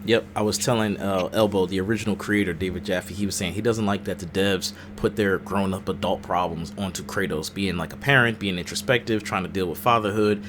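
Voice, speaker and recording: A man with a fairly low voice hosts a relaxed podcast chat. He talks in a chatty, easygoing way and throws in quick asides. Steady background noise sits under his voice. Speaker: podcast host. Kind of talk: casual chat.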